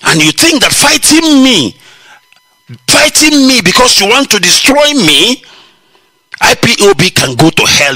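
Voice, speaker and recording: A man's voice: fairly high pitch, sharp tone, dry recording. A man with a Nigerian accent, hosting a radio broadcast and delivering an impassioned, preachy monologue, mocking his listeners and laughing at his own jokes.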